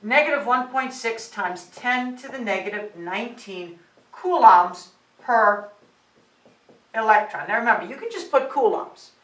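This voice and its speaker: A woman teaching high school physics who often checks in with "all right" and "okay" and counts digits aloud. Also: animated, unhurried, fairly bright tone. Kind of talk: classroom lecture at a board. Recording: roomy sound, mic set at a distance.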